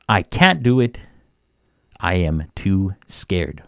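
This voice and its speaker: A man teaching phrases of a language on a radio show, repeating each word slowly and chuckling between examples. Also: sits low, sing-song, creaky, no room sound, clean studio sound. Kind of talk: casual language lesson.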